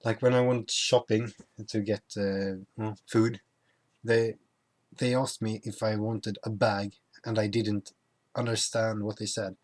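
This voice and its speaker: A man's voice: on the low side, little pitch movement, unhurried, darkish tone. A young man who is not a native English speaker, chatting casually through a travel vlog, with many fillers and restarts. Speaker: vlogger.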